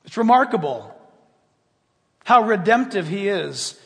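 A man's voice: high voice, sing-song, measured pace, vocal fry, long reverb tail. A male pastor preaching a sermon, emphatic and full of rhetorical questions to the congregation.

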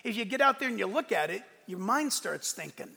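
A middle-aged man preaching a sermon as a pastor, moving between loud, fervent exclamations and hushed storytelling. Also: high voice, animated, a little fast, creaky, slightly rough. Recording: long hall reverb.

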